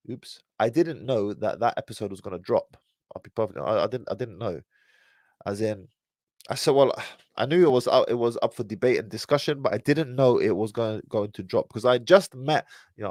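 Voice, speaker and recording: A man's voice: medium pitch, no room sound, studio quality. A man talking casually to his livestream viewers. He sighs often as he talks. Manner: animated, sighing often. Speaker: livestream host.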